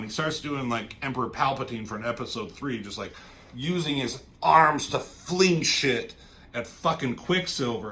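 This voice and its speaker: A man's voice: mid-range voice, moderate pace, fairly bright tone. A man reviewing a comic book in a loose, rambling, casual way, swearing freely and trailing off as he goes.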